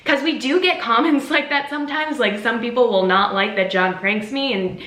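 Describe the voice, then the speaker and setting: A woman's voice: on the high side, normal speed, fairly bright tone. A young woman vlogger telling a story in a chatty way, full of "like" and "um". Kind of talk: storytime vlog. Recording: roomy echo.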